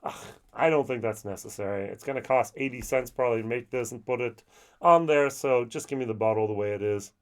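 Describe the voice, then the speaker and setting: Chatty man reviewing whiskey. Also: medium pitch. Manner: chatty and animated, acts out people he meets with quick voices. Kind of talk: casual video review.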